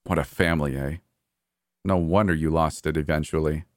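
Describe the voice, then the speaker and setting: A man's voice: extremely low pitch, fairly even intonation, moderate pace, no room sound, studio quality. A man voicing a cold, gleeful, murderous adult brother in a horror story, with a taunting, sneering delivery. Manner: taunting, sneering, coldly cheerful.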